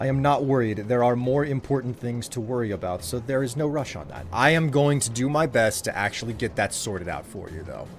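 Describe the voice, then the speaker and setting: A man's voice: mid-range voice, animated, brisk, few pauses. A man streaming a video game live, chatting playfully with his viewers and putting on mock outrage at them. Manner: playful, mock-indignant, talks to chat.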